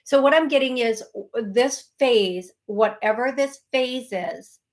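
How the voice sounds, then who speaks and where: A woman's voice: a little high, slow. Woman, call-in show host, chatty, rambling, emotional.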